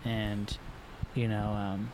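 A middle-aged pro surfer from Florida guests on a casual podcast, his low, level voice moving slowly. He rambles loosely, full of fillers and false starts, with background noise behind him.

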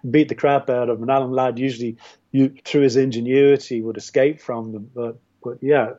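An Irish filmmaker, a guest on a podcast, talking casually about films in a rambling way with frequent restarts. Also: male voice, mid-range voice, fairly even intonation, brisk, warm tone. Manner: rambling, with many restarts and fillers. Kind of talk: casual film discussion. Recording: dull, muffled audio.

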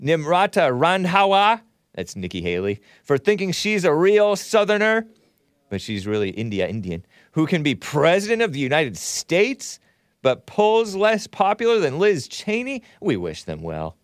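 A man's voice: high-pitched, sing-song, moderate pace, no echo, studio quality. A man from Southern California hosting a talk show, reading viewer messages aloud with wry, sardonic asides.

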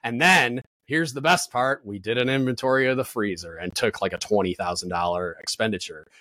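A man's voice: medium pitch, brisk, pushed and bright, no echo. A man in his thirties, a podcast guest, telling work stories in casual chat with lots of fillers and swearing. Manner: blunt, profane, storytelling with lots of fillers.

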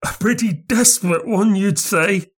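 A man voicing a small, sinister bearded stranger who talks in low, breathless, conceited tones. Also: measured pace, slightly rough. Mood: conceited cryptic. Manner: conceited, cryptic.

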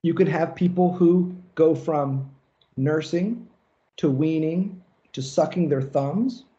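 A man's voice: fairly high pitch, mellow, dull audio. A man giving a casual seminar lecture, loose and profane, slipping into mocking rants to make a point. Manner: casual, swears freely, acts out mocking rants. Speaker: lecturer on psychoanalysis.

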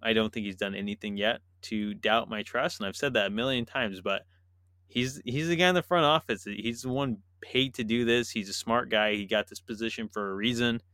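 A man's voice: on the low side, fairly quick, smooth, dry recording, clean studio sound. Man chatting animatedly on a podcast. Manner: animated, laughs often, acts out imagined quotes. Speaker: podcast co-host. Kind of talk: casual sports chat.

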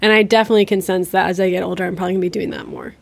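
A woman's voice: on the low side, steady tone, very fast, gravelly, no echo. A woman hosting a podcast in casual chat, laughing easily and giving supportive backchannels. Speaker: podcast host.

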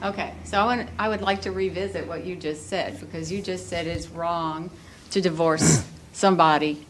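A woman's voice: fairly low pitch, steady tone, normal speed, a little hiss or hum. A woman in the audience earnestly pressing her point and pushing back on the host. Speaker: audience member raising a question. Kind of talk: question from the audience.

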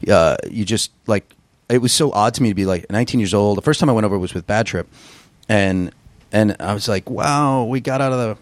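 A man from Long Island, a podcast guest and musician, telling road stories in a casual interview, animated and swearing freely. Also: fairly low pitch, brisk, no echo. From Long Island, New York. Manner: animated storyteller, swears freely, acts out quotes.

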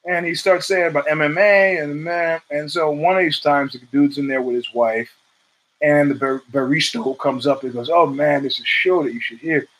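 Guy hosting his own show, rambling and swearing, kinda high voice, does the quotes even higher. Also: moderate pace, a little hiss or hum, rough recording. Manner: rambling, profane, with asides and restarts; acts out quotes in a raised pitch. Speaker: podcast host. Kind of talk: casual monologue.

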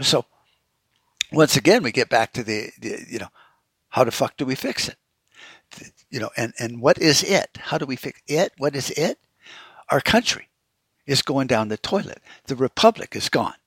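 A man's voice: medium pitch, vocal fry, fairly bright tone, husky, no echo. A man hosting a solo podcast, ranting about politics in a blunt, profane and rambling way. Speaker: podcast host.

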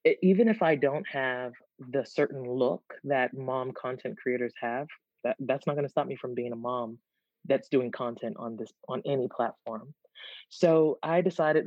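A woman guest chatting in an interview, animated and quick to laugh. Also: rumbling low, dry recording. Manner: animated, laughs easily, restarts words. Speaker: guest, content creator. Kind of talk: casual interview chat. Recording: dull lo-fi, dry sound.

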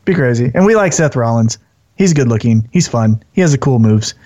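A man co-hosting a casual wrestling podcast, talking in an animated way and briefly acting out wrestlers in put-on voices. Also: mid-range voice, brisk. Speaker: podcast co-host. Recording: dull lo-fi sound.

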